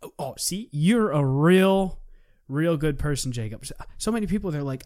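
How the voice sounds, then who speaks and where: A man's voice: a little high, lively intonation, normal speed, a little mellow. Rambling, jokey male podcast co-host. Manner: rambling and jokey, laughs often. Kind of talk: casual chat.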